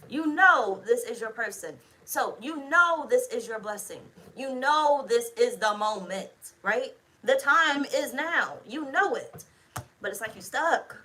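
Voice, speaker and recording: Woman tarot reader, bright edgy tone, profane and blunt, chatty delivery to camera. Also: on the high side, animated, a little slow, low-quality recording. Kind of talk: casual tarot reading to camera.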